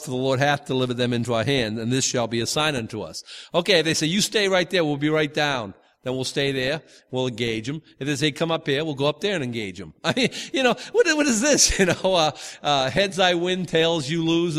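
This slightly high, somewhat bright male voice trails off into a long reverb tail. He's a preacher teaching the Bible casually, tripping over restarts and performing the quotations.

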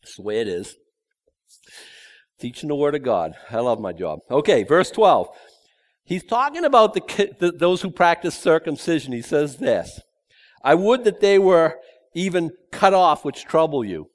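A man's voice: a little high, sing-song, moderate pace. A man preaching a verse-by-verse sermon in a conversational way, with joking asides and emphatic repetition. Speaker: pastor. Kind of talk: expository sermon.

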